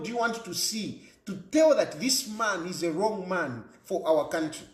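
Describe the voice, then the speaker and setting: A fiery Zambian man delivers a heated political rant in a high, swooping voice that leaps up and down in pitch. He hammers home his points with repeated rhetorical questions, and the room around him sounds echoey. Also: lively intonation, normal speed, hardly any pauses. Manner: fiery, repetitive rhetorical questions, mixes local language into English. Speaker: political commentator. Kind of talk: impassioned political monologue.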